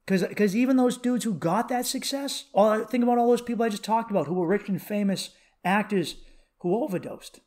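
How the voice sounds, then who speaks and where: Solo comedy podcast host, thirties, high-voiced man, swears a lot and rambles through stories. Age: 30s. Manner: profane, rambling, animated storytelling.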